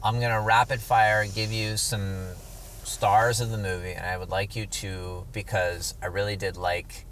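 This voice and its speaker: A man co-hosting a casual movie review chat in a car, relaxed and enthusiastic, firing quiz-style questions. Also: lowish voice, unhurried. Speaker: co-host of a movie review show. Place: inside a car. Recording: distant car mic, loud road hum.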